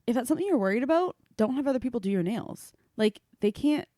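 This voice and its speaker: A woman's voice: on the high side, lively intonation, quick pace, warm tone, dry recording, clean studio sound. Woman co-host who slips into whispering. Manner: often drops to a whisper when telling stories. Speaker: podcast co-host. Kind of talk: casual chat.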